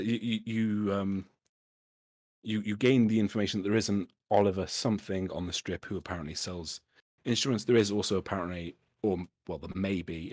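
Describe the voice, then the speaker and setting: A man running a tabletop game as game master, laid-back and quick to laugh. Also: deep voice, a little mellow, slightly rough, dry recording, clean studio sound.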